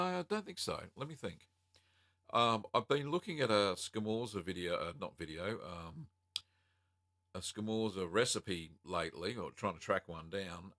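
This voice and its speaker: An Australian man with a low voice and a bright, forceful edge to his tone. He hosts a casual live-stream Q&A from home. He reads out viewer questions and chats through his answers with plenty of ums and uhs. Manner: relaxed and chatty, many ums and uhs, reads out chat comments.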